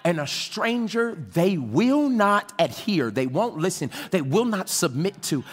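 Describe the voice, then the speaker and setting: A preacher voicing God as a calm, solemn speaker addressing his flock, slow and hushed. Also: high-pitched, pitched below the performer's own voice, heavily acted.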